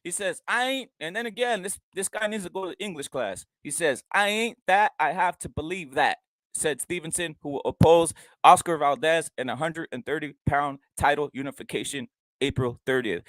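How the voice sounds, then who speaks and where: A man's voice: a little high, normal speed, a bit bright, no echo, low-quality recording. A man ranting profanely as he reads boxing news aloud, breaking off to mock what he reads. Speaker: boxing commentary host. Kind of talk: ranting solo commentary.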